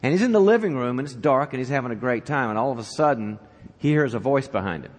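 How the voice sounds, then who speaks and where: A man's voice: medium pitch, quick pace, in a large hall. A man giving a talk to church leaders, telling a joke and asking the audience questions. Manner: animated storyteller, asks the audience questions. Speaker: guest speaker at a church leadership event. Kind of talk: conference talk opening with a joke.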